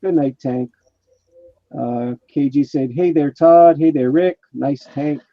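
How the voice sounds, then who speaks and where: A man's voice: medium pitch, slow. A man hosts a casual live stream and reads out viewers' chat messages in a chatty way. His mic sounds muffled and dull, with no room echo around the voice.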